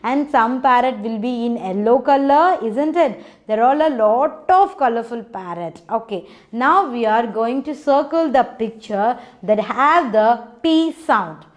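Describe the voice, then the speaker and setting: Indian english lady teaching kids phonics, high voice, real slow and patient. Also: animated. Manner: slow, patient, encouraging, sings short chants. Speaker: phonics teacher for young children. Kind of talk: children's phonics lesson.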